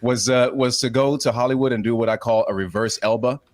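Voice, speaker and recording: A man's voice: medium pitch, steady tone, fairly quick. A man, a former actor, guesting on a casual panel chat and ranting as he tells a story.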